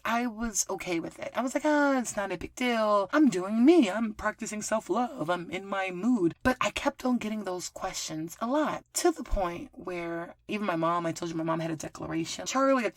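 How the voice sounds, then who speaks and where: A middle-aged woman hosting a podcast, telling personal stories in a casual, animated way, swearing freely and acting out what other people said. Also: mid-range voice, normal speed, few pauses, no echo. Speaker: podcast host. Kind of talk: casual storytelling chat.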